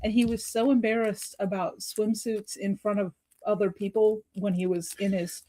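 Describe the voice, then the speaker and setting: Amused middle-aged woman, mellow voice. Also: mid-range voice, level tone. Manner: amused, chiming in with quick remarks. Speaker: panelist. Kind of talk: casual livestream chat.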